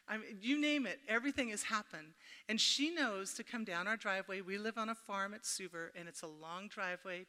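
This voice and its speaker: A woman's voice: medium pitch, sharp tone. A middle-aged woman giving a folksy, chatty workshop talk at a women's church camp, telling homey stories and joking with the audience. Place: camp meeting hall. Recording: echoey hall.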